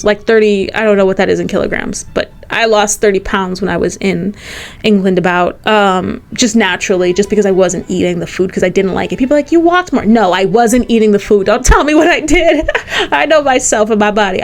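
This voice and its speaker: A woman's voice: medium pitch, a little fast. Chatty American woman telling a story. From United States. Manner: chatty, animated, frequent "like" fillers. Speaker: vlogger. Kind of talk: casual storytime.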